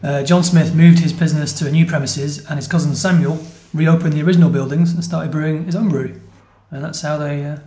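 A podcast host with a fairly high, warm, steady voice talks fast with few pauses while casually tasting beer. He explains facts along the way, occasionally correcting himself, and the room is spacious and echoey.

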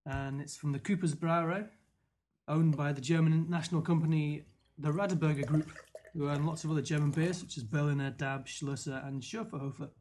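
A man's voice: fairly high pitch, fairly even intonation, fairly quick, a little mellow. A man hosting a casual beer podcast, chatty, reading out beer facts with dry asides. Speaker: podcast host.

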